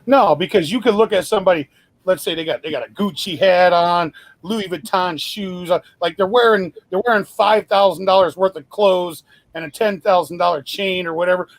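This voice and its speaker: A man hosts a loose podcast conversation, wandering through his thoughts with lots of fillers and a few curse words. His voice sits fairly high for a man. The sound is dry and close, with no room in it. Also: moderate pace, no room sound. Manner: rambling, profane, lots of fillers and restarts. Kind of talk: casual chat.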